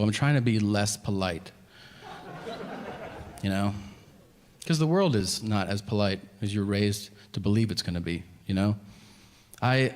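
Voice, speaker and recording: A man in his forties doing a profane, deadpan stand-up routine and acting out his exchanges with strangers. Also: fairly low pitch. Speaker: stand-up comedian. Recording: live stage mic over crowd laughter. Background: audience laughter.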